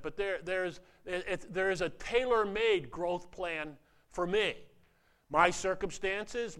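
A male pastor preaches with a somewhat high voice. He tells stories, stops often, and repeats himself as he goes. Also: fairly bright tone, clean tone. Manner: halting, repetitive, storytelling. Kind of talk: sermon with an illustrative story.

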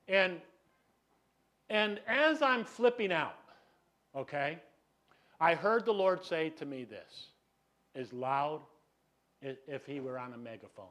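A middle-aged man preaching a sermon, telling a personal story in an animated, self-mocking way and filling his talk with "you know". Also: fairly high pitch, a little slow, long pauses. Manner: animated, self-deprecating, acts out voices, many "you know"s. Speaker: pastor.

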